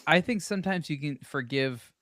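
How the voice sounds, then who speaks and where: A man's voice: on the high side, fairly bright tone, dry recording. Wry joking man, dry close sound. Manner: wry, joking, talks in quick bursts. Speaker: watch blogger and show regular. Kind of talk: casual panel chat.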